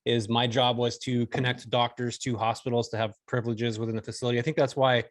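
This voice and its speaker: A man's voice: medium pitch, level tone, quick pace, no room sound. Laid-back forty-year-old man saying dude. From California. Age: 40s. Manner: laid-back, slangy, says dude and bro. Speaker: podcast guest. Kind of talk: casual storytelling interview.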